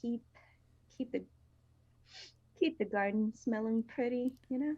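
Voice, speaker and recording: A woman's voice: on the high side, measured pace. Casual woman player on a dull mic. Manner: casual, easygoing, says "you know" often. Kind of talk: in-character tabletop role-play.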